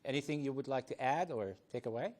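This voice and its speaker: Brief: male talk show host, mid-pitched, affable, laughs easily, lots of filler words, live TV studio panel. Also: fast talker, darkish tone. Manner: friendly, chuckles often, many ums and restarts.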